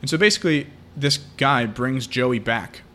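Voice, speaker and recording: A man's voice: mid-range voice, lively intonation, moderate pace, bright, forceful tone. Man retelling a film plot. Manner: retelling a film plot at length, with many fillers. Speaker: podcast co-host. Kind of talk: casual podcast chat.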